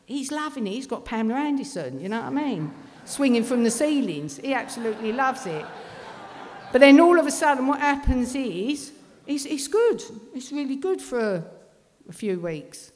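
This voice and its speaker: A woman's voice: sits high, very animated, normal speed, darkish tone. A middle-aged woman telling a blunt, swearing personal recovery testimony. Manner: blunt, swearing, working-class London speech. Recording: long reverb of a hall.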